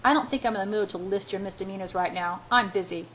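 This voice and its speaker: A woman's voice: medium pitch, fast talker, fairly bright tone, slight background noise, lightly acted, low-quality recording. A woman reading a curt, irritable male boss. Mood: snappish. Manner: abrupt, snapping.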